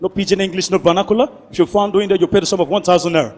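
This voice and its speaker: A man's voice: high-pitched, very fast, long reverb tail, pitched below the performer's own voice. A Nigerian man acting as a stiff, formal male English teacher who speaks in careful, prim English. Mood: stern.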